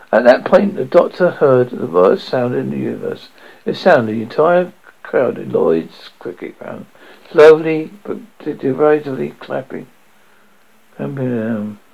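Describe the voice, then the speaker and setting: A man's voice: medium pitch, vocal fry, husky. A man reading a story aloud, stumbling and restarting now and then. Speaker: audiobook reader. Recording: dull lo-fi audio.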